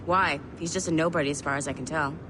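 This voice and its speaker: An actress playing a sharp-tongued, sarcastic female tech agent in a video game, with steady ambient noise behind. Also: deep voice, close to an everyday voice. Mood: brisk. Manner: brisk, sarcastic.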